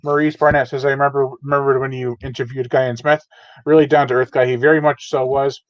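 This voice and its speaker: A man's voice: mid-range voice, little pitch movement, fast talker, no echo. A man hosting a live unboxing stream, casually reading chat messages aloud and chatting with many fillers. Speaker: channel host. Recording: dull, lo-fi dry home mic.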